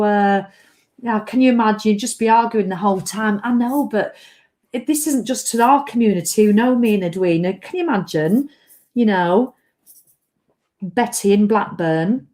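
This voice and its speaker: A woman's voice: medium pitch, a little slow. Chatty woman. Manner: chatty, lively, reads out comments. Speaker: livestream host. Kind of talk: casual live chat to viewers.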